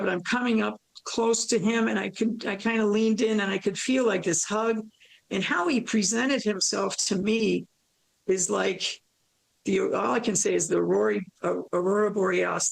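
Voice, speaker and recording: A woman recounting a near-death experience in an interview, animated and storytelling, acting out her own thoughts and laughing often. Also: mid-range voice, vocal fry, husky, rough recording.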